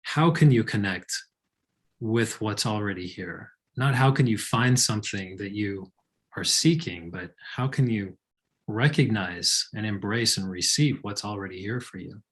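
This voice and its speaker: A man co-hosts a live session and reads listener letters aloud in a fairly low voice. He reflects on them in a calm, thoughtful manner. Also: a little slow. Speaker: co-host.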